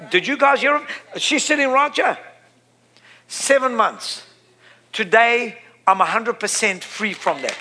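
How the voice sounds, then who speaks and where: A male preacher with a high, bright, forceful voice delivering a sermon. He hammers points home by repeating phrases, swelling to loud climaxes and then dropping low. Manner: emphatic, repeats phrases, builds to loud peaks.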